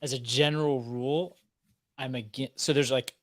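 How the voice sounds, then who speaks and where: A man in a relaxed livestream chat about watches, explaining his view at length and checking in with "right?" as he goes. His voice sits at an ordinary pitch and sounds dry and close. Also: moderate pace, no echo.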